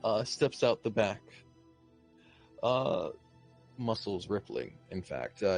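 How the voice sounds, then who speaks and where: A man narrating a tabletop game as game master in a casual, hesitant way. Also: fairly low pitch.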